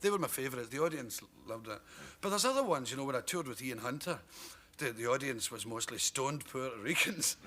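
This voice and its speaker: A Scottish man, a comedian guest in his thirties, tells animated talk-show anecdotes in a TV studio and laughs through his punchlines. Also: medium pitch, brisk, slight background noise. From Scotland. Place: TV studio with audience.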